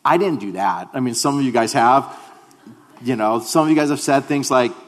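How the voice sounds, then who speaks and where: A man's voice: mid-range voice, normal speed, long reverb tail. A male pastor giving a sermon, telling a personal story in a humorous, conversational way.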